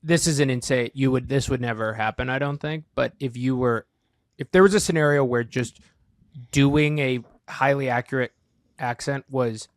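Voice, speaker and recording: A man's voice: medium pitch, normal speed, dry recording, clean studio sound. A man co-hosting a comedy podcast, reacting with laughs and thinking aloud in restarts. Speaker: podcast co-host. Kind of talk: casual comedy podcast chat.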